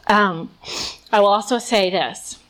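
A young woman speaks to a room of girls in a relaxed, chatty way, mixing scripture with stories from her teens. Her voice sits at an ordinary middle pitch, and she often says "like" as she goes. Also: takes it slowly, poor audio. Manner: casual, storytelling, many "like" fillers. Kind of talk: conversational faith talk with personal stories.

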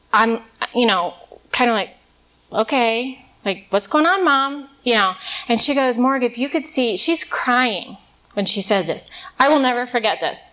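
A woman's voice: a little high, bright, forceful tone, poor audio. Casual young woman giving a faith talk. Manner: casual, storytelling, many "like" fillers. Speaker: speaker at a girls' conference. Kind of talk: conversational faith talk with personal stories.

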